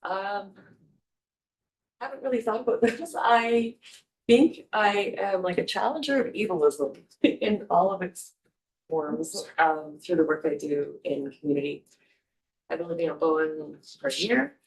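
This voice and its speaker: A woman's voice: on the low side, measured pace, darkish tone, rough recording. A woman in her forties, a pediatrician, introducing herself at a committee meeting, a little hesitant with small laughs.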